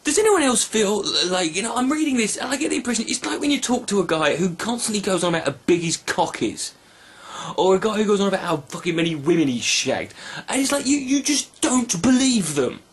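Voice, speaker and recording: Sarcastic man ranting, husky voice. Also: high-pitched, brisk. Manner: sarcastic, swearing, animated outbursts. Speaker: video blogger. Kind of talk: profane comic rant.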